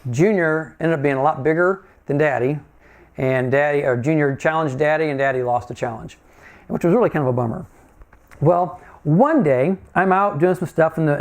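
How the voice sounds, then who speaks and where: Guy preaching a sermon, kinda high voice, casual storytelling vibe, keeps checking in with the crowd. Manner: conversational, folksy storytelling with direct questions to listeners.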